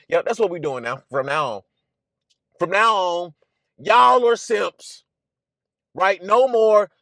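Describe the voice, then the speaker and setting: A man with a strikingly high-pitched voice delivers an emphatic monologue as host of his own channel. He preaches bluntly and profanely, circling back to the same phrases again and again. The sound is dry and close, with no room around it. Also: fairly bright tone, dry recording. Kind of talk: ranting commentary monologue.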